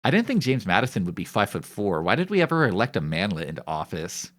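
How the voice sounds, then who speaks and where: A man's voice: fairly low pitch, wildly swooping pitch, quick pace. A young man streaming, chatting casually in rambling, profane, joking banter. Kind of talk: casual chat on a live stream.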